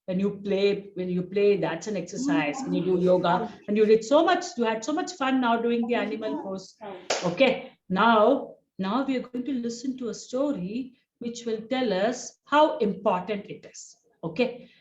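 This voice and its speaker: A woman leading a storytelling session for children over a video call, animated and asking the kids questions. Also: a little high, moderate pace, reverberant, lo-fi sound, crowd noise.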